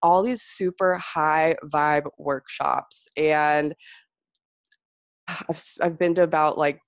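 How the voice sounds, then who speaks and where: A woman with a low-pitched voice hosts a casual podcast. She gushes with enthusiasm and fills her talk with "like" and "you guys." The sound is dry and close, with no room around it. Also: fairly even intonation, slow pace, no echo. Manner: gushing, effusive, says "like" and "you guys" often. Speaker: podcast host.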